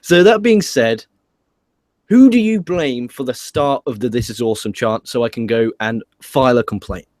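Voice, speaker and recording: A man's voice: mid-range voice, moderate pace, no echo, clean studio sound. A man with an English accent hosting a casual wrestling review, ranting and swearing as he talks. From England. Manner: profane, animated ranting. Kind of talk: casual podcast chat.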